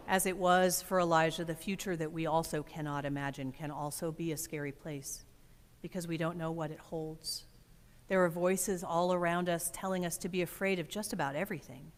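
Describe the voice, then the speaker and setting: A woman pastor delivers a thoughtful, expressive sermon, pausing for weight. Her voice sits on the low side. It rings out with the long reverb of a church sanctuary. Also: slight background noise. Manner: reflective, expressive preaching with dramatic pauses.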